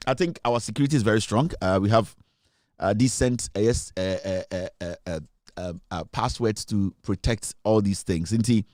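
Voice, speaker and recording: A man's voice: medium pitch, no echo, clean studio sound. A Ghanaian man hosting a political commentary show, emphatic and repetitive, switching between English and Twi. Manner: emphatic, repeats points, mixes English and Twi. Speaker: show host.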